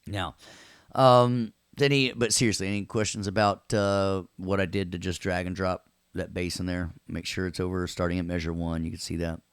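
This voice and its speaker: A man's voice: deep voice, flat delivery, normal speed, clean tone, no echo, studio quality. A man with a Nashville accent teaching an audio workstation class, chatty and joking with his students. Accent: Southern US, Nashville. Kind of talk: recorded class lecture with jokes.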